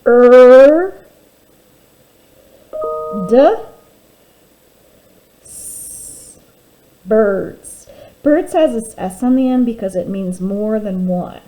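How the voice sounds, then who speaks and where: A woman teacher giving a phonics lesson to young children, sounding out words slowly and clearly and encouraging them warmly. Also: medium pitch, lively intonation, low-quality recording. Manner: warm, encouraging teacher talk.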